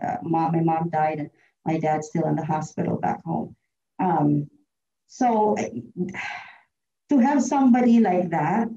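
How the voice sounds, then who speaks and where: A woman's voice: medium pitch, mellow. A woman giving a heartfelt personal eulogy, chatty and often laughing. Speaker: tribute speaker at a memorial. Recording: roomy, distant, dull lo-fi sound.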